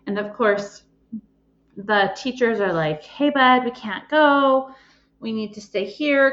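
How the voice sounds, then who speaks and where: A woman hosting her own podcast, telling a personal story with emotion and plenty of pauses and ums. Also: mid-range voice, fairly bright tone, highs cut off. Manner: emotional, pausing, many ums. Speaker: podcast host and life coach.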